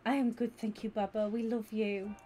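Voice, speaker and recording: A woman chats away to her viewers during a gaming stream, excitable and gushing. Her voice sits slightly high, and soft music plays behind her. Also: normal speed. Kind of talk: casual live-stream chat.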